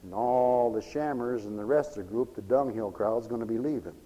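A man preaching a lively sermon, animated and folksy, swinging between loud exclamations and hushed asides, with laughs between lines. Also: mid-range voice, a little fast, highs cut off. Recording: long hall reverb.

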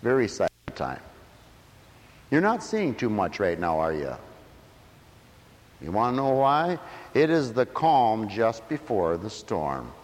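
A man preaching a sermon emphatically, dropping to quiet asides and rising to shouts. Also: fairly low pitch, huge pitch swings, slow pace. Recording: echoey hall.

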